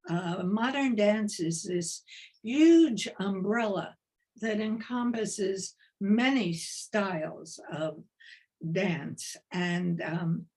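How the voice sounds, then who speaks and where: An older woman with a New York accent giving a lecture as a retired dance professor over a video call, in a slow, measured, deliberate way. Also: mid-range voice, darkish tone. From East Coast of the United States.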